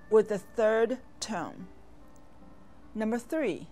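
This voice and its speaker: A woman teaching as a language instructor, speaking in a slow, deliberate instructional manner with clear, careful enunciation and long pauses. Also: a little high, lively intonation. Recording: voice over soft background music.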